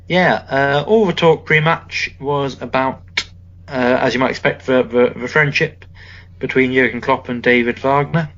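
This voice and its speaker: A man's voice: medium pitch, a bit bright, muffled recording. A man co-hosting a casual football podcast, talking in a wry, rambling way with joking asides. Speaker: podcast co-host.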